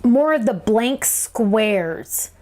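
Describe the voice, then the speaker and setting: A woman's voice: fairly high pitch, animated, very slow, a little mellow, slight background noise. A woman hosting a live craft show, answering viewer questions in a chatty, bubbly way and laughing often. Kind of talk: live stream Q&A chat.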